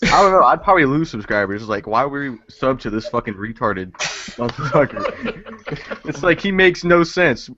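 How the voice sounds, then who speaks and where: Brief: male podcast co-host, mid pitch, excitable and foul-mouthed, dull lo-fi call sound. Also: moderate pace. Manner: excitable, swears a lot, acts out game rants. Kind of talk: casual chat.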